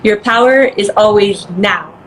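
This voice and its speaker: A woman guest in a casual interview chat, bubbly and quick to laugh, acting out voices as she tells stories. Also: medium pitch, a little hiss or hum, poor audio.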